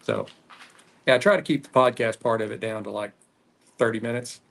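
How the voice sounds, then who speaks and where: A man with a Texan accent hosting a cigar podcast, rambling casually with frequent pauses while he smokes. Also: medium pitch, creaky. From Texas. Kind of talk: casual solo chat while smoking.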